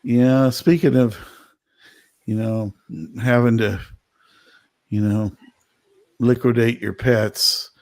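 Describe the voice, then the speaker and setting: A man hosting a casual chat, relaxed and peppered with "you know". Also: medium pitch, slow pace, long pauses, no room sound. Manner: relaxed, frequent "you know" and backchannel murmurs.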